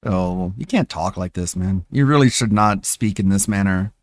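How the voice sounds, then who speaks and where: A man's voice: low voice, normal speed, no echo, studio quality. A man streaming, reacting to clips with sarcastic, mocking commentary and frequent laughs.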